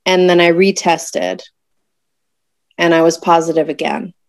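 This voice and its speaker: A woman in her thirties telling a personal story in conversation, emotional and searching, with many pauses and fillers. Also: lowish voice, little pitch movement, no room sound. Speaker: guest telling a birth story.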